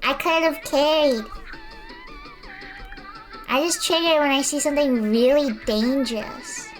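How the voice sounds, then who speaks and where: A woman's voice: high-pitched, measured pace, soft background music. A woman streamer chatting casually while she paints, rambling and self-deprecating.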